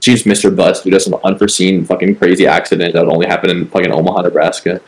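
Rapid-fire and deep-voiced, a male podcast co-host spins a rambling yarn in a level tone. Swearing and filler words run all through it, and the recording quality is low.

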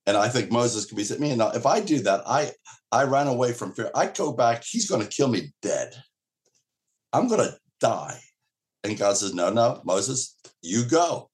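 A man's voice: mid-range voice, big pitch swings, normal speed. A male pastor preaching an earnest, emphatic sermon, acting out quoted dialogue along the way.

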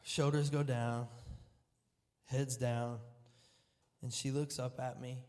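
A male pastor preaching with a personal story, animated and self-deprecating, moving between loud outbursts and hushed, serious moments. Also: medium pitch, a little slow, long pauses. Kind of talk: sermon storytelling.

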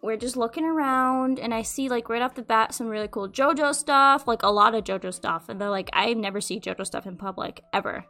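A young adult woman hosting a podcast, telling a rambling, animated story in casual chat and swearing freely. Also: a little high, brisk, few pauses, soft background music. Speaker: podcast host.

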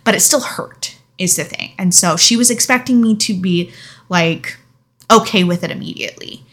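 A young woman tells a personal story straight to camera in a candid vlog. She speaks frankly and with feeling, and now and then she swears. Her voice is bright and has an edge of tension, at a middle pitch for a woman. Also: normal speed. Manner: frank, emotional, casual swearing. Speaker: vlogger.

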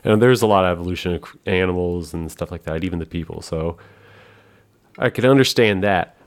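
Deep voiced guy rambling on a podcast, swears a lot, lots of likes and ums. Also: brisk. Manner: rambling, profane, full of fillers. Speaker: podcast host. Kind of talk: casual chat.

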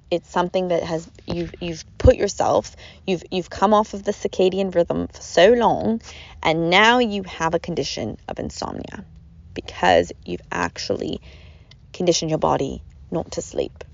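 A woman's voice: on the low side, gravelly, dry recording. A woman hosting a podcast, giving an earnest, rambling self-help talk that repeats its phrases, in a dull lo-fi recording. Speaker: podcast host.

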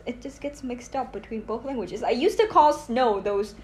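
Soft-spoken young Vietnamese woman. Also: a little high, moderate pace. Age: young adult. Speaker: guest. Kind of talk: casual chat.

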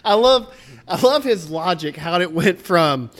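A man with a somewhat high voice joins a casual podcast conversation. He mostly adds short replies and quick jokes to the host's stories. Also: lively intonation, noisy background. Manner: chimes in with short backchannels and jokes.

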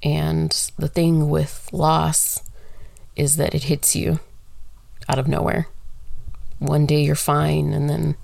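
A woman's voice: sits low, monotone, slow, vocal fry, long pauses, a little mellow, no echo. A woman talking through a casual solo monologue, candid and rambling, swearing freely.

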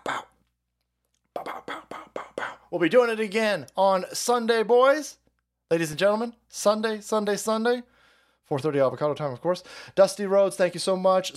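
A middle-aged man hosting a profane political livestream, loud and rambling, reading out viewer messages with frequent laughter. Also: medium pitch. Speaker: livestream host.

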